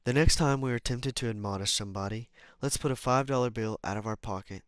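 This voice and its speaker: A man's voice: mid-range voice, fast talker, smooth, no room sound. A man reading a self-help book aloud, stumbling over words, restarting lines and adding casual asides and apologies. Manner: stumbles, restarts and corrects himself while reading. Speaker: amateur reader.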